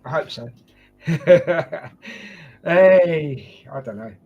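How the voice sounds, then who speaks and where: A man's voice: a little high, expressive, drawn-out words, muffled recording. A man hosting a casual football preview chat, joking and calling his guests mate. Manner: jokey, chatty, addresses guests as mate. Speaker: host.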